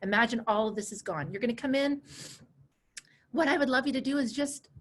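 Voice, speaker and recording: A woman in her forties teaching a live online coaching class over a video call, chatty and animated, laughing easily and repeating herself. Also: on the high side, brisk. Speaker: coach and course instructor.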